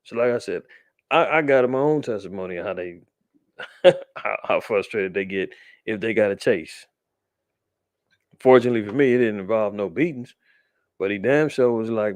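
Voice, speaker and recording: Male host, low voice, loose street-slang news commentary, dry sound. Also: normal speed, pauses often, dry recording. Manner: loose, conversational, restarts and slang. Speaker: podcast host.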